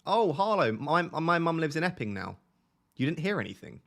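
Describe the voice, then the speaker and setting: A man's voice: fairly high pitch, big pitch swings, moderate pace, creaky, a bit bright. A young man with an Essex accent, hosting a casual live stream and chatting back to his viewers. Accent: Essex English. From Essex, England. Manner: chatty, reads and answers viewer chat. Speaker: livestream host. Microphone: close desk microphone.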